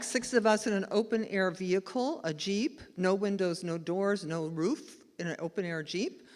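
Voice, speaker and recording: Woman minister, animated storyteller, laughing easily, long church reverb. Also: lowish voice. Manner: chatty and animated, laughing as she tells the story. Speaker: spiritual director and minister. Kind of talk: lively storytelling sermon. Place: church sanctuary, live service.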